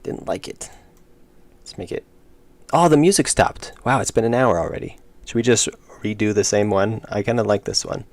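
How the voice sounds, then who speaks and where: Low gravelly man muttering while he draws. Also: animated, normal speed, no room sound. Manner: muttering to himself, self-deprecating asides. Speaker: indie game developer streaming. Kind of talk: casual livestream commentary while drawing.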